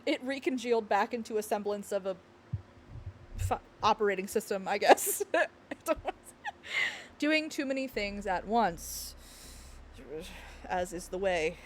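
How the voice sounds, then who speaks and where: A woman game streamer chatting casually with her viewers in a bubbly, giggly, gushing way. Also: on the high side.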